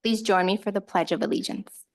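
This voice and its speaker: A woman chairing a school board meeting, calling it to order and running the motions in a procedural way. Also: medium pitch. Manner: procedural and measured, also speaks some Spanish.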